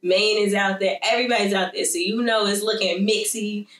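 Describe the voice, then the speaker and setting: A woman's voice: mid-range voice, fairly even intonation, brisk, fairly bright tone. A woman chatting casually as she recaps a TV episode, telling it like a story and acting out the characters' lines. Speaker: show recap vlogger. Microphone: wireless mic. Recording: echoey room, mic at a distance.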